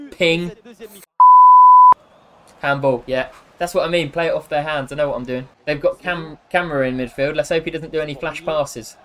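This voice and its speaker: A young man with a slightly high voice talks through a football game as he plays it. He is excitable and jokey, cheering his players one moment and scolding them the next. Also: moderate pace. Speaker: gaming YouTuber. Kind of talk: live gameplay commentary.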